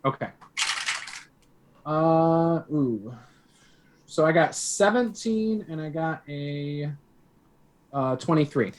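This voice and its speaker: A man's voice: a little high, animated, takes it slowly, pauses often. A man playing in a tabletop game, hesitantly thinking aloud as he works out his turn. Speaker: player. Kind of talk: tabletop game play over a stream.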